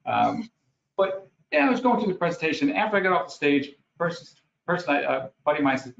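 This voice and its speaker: A man from New York with a New York accent, a guest speaker telling lively stories in a webinar talk. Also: fast talker, creaky, slight background noise. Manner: lively storytelling, acts out scenes with rising pitch. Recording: roomy, dull lo-fi audio with faint ambience.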